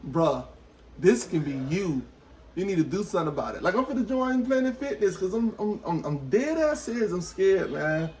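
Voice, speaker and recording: A man in a casual podcast chat, animated and swearing, who often acts out other people's voices. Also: high-pitched, moderate pace, slight background noise. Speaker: podcast co-host.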